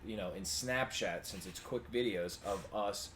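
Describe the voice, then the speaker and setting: A young man co-hosting a podcast, telling stories in a casual, profane, animated way and jumping loud for the parts he quotes. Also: fairly low pitch, a little slow. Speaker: podcast co-host. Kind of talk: casual storytelling chat. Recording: amateur podcast audio with faint noise.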